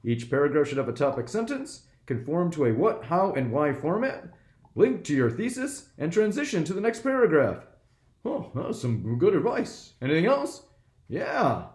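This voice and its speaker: A man voicing a masked boy superhero in armor, listing tips in a steady, matter-of-fact way. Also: high voice. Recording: echoey room.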